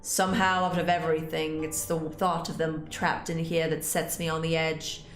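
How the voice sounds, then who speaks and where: Young female game host, low-pitched, dramatic reader, echoey room with music. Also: normal speed. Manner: expressive, breaks into panicked rambling. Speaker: gaming channel host. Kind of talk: dramatic reading of a visual novel.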